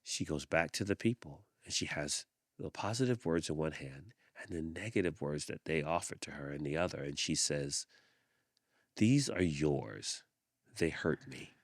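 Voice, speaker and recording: A man hosting a podcast, reading a picture book aloud with expressive storytelling and thoughtful hums. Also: a bass voice, moderate pace, no room sound, clean studio sound. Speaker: podcast host.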